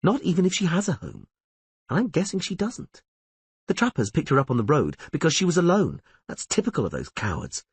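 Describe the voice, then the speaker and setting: A man voicing a sharp-tongued, protective young outlaw with a scornful, heated way of talking. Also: on the high side, wildly swooping pitch, fairly quick, slightly rough, dry recording, pitched above the performer's own voice, exaggerated voice.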